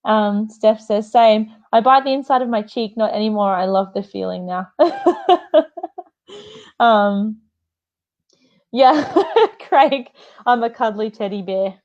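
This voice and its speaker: A woman with a fairly high voice chats live with her viewers. She talks in a gushing, emotional way, rambling and laughing often. The stream audio sounds a little dull and lo-fi. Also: very animated, takes it slowly, pauses often, a little mellow. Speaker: livestream host.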